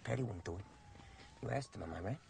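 An actor playing a menacing street tough who coaxes in a low, hesitant way. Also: male voice, animated, creaky, warm tone. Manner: low, slow, coaxing with hesitations. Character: menacing streetwise man pushing on a woman. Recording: film scene with background noise.

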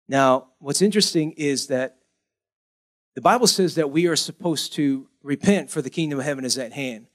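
A man preaching a sermon as pastor, animated, acting out pleading voices in a high whine. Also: normal speed.

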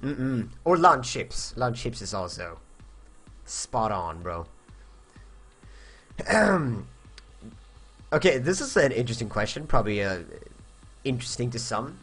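A man's voice: mid-range voice, sing-song, slow pace, pauses often, fairly bright tone, breathy edge, faint music behind. A young man from Sweden chatting casually on a live stream, answering viewer questions in a rambling way, searching for words and swearing.

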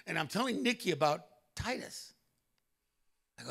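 Male pastor preaching in church; high, ringing voice, lively stories and loud exclamations. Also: moderate pace, gravelly, long pauses, husky. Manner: animated storytelling with loud exclamations. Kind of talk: sermon.

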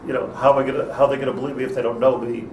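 A man's voice: medium pitch, flat delivery, very fast. A man, a rabbi, teaching an informal Torah class in a conversational way, with many restarts and Hebrew terms. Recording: echoey room, speaker far from mic, faint noise.

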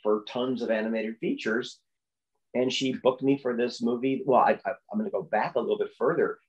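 A voice actor man telling stories as a podcast guest. His voice sits in the middle range, and he jumps high in pitch to act out quoted lines. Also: fairly quick, muffled recording. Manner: animated storyteller, acts out quotes with big pitch jumps. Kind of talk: storytelling in a podcast interview.

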